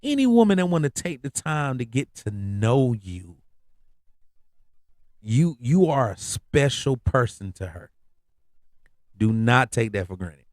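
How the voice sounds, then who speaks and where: A man's voice: medium pitch, big pitch swings, measured pace, long pauses, no echo, clean studio sound. A man hosting a podcast, telling a story in a casual, laid-back way, full of slang and repeated phrases. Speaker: podcast host.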